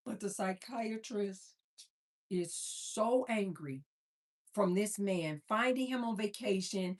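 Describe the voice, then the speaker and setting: A woman's voice: mid-range voice, takes it slowly. A woman hosting a casual cooking livestream, telling stories animatedly and talking to viewers. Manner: animated storyteller, talks to viewers as "you guys". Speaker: livestream host.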